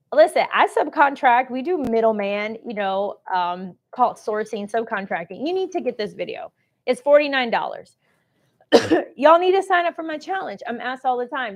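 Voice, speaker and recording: Her fairly high, expressive voice moves at a moderate pace as she runs a live-streamed shopping show on government contracting. Chatty and salesy, she reads viewer comments and responds to them.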